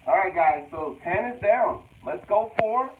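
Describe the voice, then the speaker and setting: Jokey guy helping host a stream, bouncy pitch, sounds like a phone call, tons of noise. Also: animated, unhurried. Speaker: co-host opening mail. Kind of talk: casual live-stream chat.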